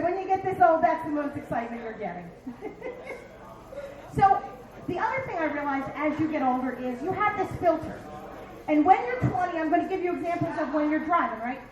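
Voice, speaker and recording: Brash, high-voiced woman in her fifties. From Philadelphia. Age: 50s. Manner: brash, profane, punchy delivery with acted-out asides. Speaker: stand-up comedian. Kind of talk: stand-up comedy set. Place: dive bar stage. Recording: echoey bar room.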